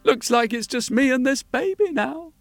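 A man voicing a gentle lone sailor who frets aloud to himself and speaks tenderly about a foundling baby. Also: very high voice, expressive, moderate pace, gravelly, soft background music, voice pushed up, exaggerated voice. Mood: relieved. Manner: fretful, soothing, talks to himself.

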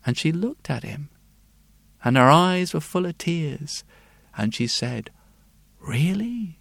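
A man telling a fairy tale in a hushed, repetitive, lulling way. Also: fairly high pitch, slow, gravelly, no room sound. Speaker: storyteller. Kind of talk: slow fairy-tale storytelling.

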